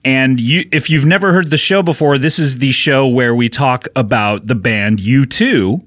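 A man's voice: medium pitch, normal speed, fairly bright tone, no echo, clean studio sound. A man hosting a casual comedy podcast, playful and teasing, laughing often. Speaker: podcast host.

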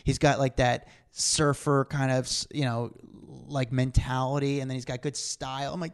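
Gravelly, rambling man in casual chat. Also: mid-range voice, moderate pace. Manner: rambling, animated storyteller, slangy. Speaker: podcast co-host, celebrity street interviewer.

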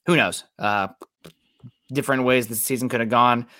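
A man co-hosting a casual sports talk show, chatting briskly and reading out listener comments. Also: mid-range voice, steady tone, bright, forceful tone, no room sound, studio quality. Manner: brisk, reads out chat messages.

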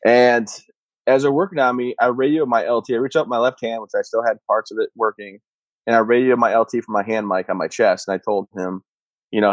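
A man in his thirties, a combat veteran, telling his own story in a steady, matter-of-fact way. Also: medium pitch, brisk, no echo. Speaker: interview guest, combat veteran. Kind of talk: personal storytelling. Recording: dull muffled sound, dry.

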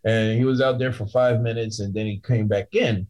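A man's voice: lowish voice, moderate pace, dull audio. A man in casual podcast chat, telling a story with lots of energy and acting out the voices of the people in it. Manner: animated storyteller, acts out voices in his anecdotes. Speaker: guest telling a bouncer story.

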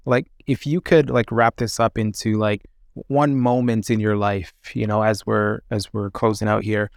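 A man's voice: on the low side, flat delivery, normal speed, creaky, no room sound, studio quality. A man hosting a podcast, asking questions casually with lots of fillers. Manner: loose, many fillers. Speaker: podcast host. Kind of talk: casual interview.

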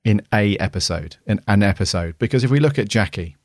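A man with a fairly low voice, chatting loosely on a podcast and circling back with plenty of "you know"s. The sound is dry and close, with no room around it. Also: lively intonation, a little fast, no room sound. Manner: rambling, lots of "you know". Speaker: podcast co-host. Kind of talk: casual review chat.

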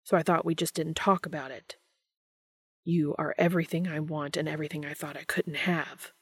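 Woman voicing an emotional man, hushed and strained, lower-pitched read, story reading. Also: steady tone, normal speed, slightly rough. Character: troubled intense man, emotional, confessing.

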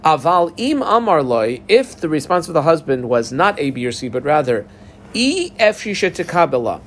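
Animated man teaching Talmud. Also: on the high side, normal speed, slight background noise. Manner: animated, acts out the parties in a dialogue. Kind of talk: casual Talmud class explanation.

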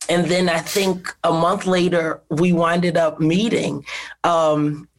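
A man, a voice actor guest, chatting casually on a video call in an animated storytelling way. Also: on the high side, a little slow. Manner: animated storyteller, laughs often. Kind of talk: casual interview chat.

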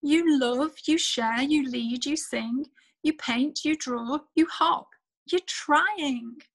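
Lady doing a gentle inner voice from a kids book, reassuring, high and slow. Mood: encouraging. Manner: warm, reassuring praise. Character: kind encouraging female inner voice.

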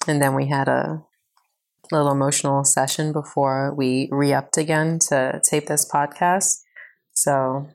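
A woman's voice: rumbling low, level tone, measured pace, vocal fry, a little mellow. A woman co-hosting a podcast in casual chat, teasing her partner and pressing him with questions. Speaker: podcast co-host.

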